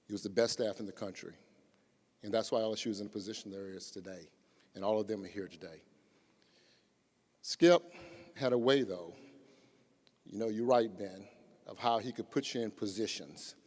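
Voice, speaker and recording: Male eulogist, anecdotal and lively, recorded with arena reverb. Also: fairly low pitch, a little fast, breathy edge. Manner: warm storytelling, acting out quotes. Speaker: former athletics colleague giving a tribute. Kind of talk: memorial tribute, humorous anecdote. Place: large arena memorial service. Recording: long reverb in a big arena.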